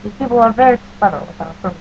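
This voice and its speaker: Woman, webcam vlogger, deadpan jokes in a put-on mock Russian accent, dull lo-fi audio with faint hum. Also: medium pitch, quick pace. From New Jersey. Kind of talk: comic accent-challenge vlog.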